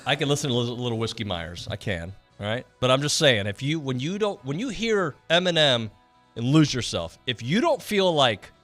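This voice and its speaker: Animated, joking male radio host. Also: mid-range voice, brisk, faint music behind. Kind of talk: casual sports radio banter.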